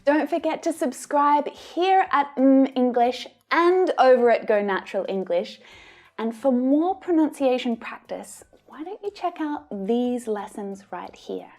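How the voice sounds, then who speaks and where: A woman with an Australian accent teaching English pronunciation, modelling each sound slowly and carefully. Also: high-pitched, expressive, darkish tone. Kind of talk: pronunciation lesson.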